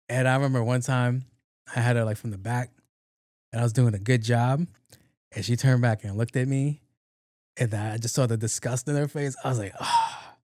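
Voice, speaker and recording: A middle-aged man, hosting a podcast and telling casual stories, profane and animated, laughing often. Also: medium pitch, normal speed, no echo, clean studio sound. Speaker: podcast host. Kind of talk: casual storytelling monologue.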